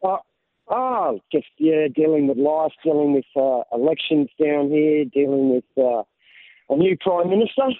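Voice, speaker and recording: A man with an Australian accent calls in to the radio show, his slightly high voice thin and tinny over a phone line. He chats casually, with easy fillers. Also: lively intonation, measured pace. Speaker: caller. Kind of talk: casual call-in chat.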